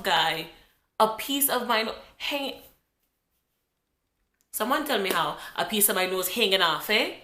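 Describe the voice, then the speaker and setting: A woman in her twenties from New Jersey, telling a childhood story to her viewers in an animated, chatty way while getting over a cold. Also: mid-range voice, a little slow. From New Jersey, USA. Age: 20s. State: has a cold. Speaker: vlogger. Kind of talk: casual storytime vlog. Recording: echoey room.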